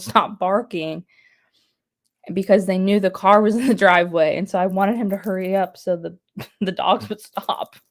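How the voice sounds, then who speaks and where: A woman hosting a casual live stream, chatting and laughing as she reads out viewer comments. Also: mid-range voice. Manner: chatty, laughs often while reading comments aloud. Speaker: live streamer reading chat.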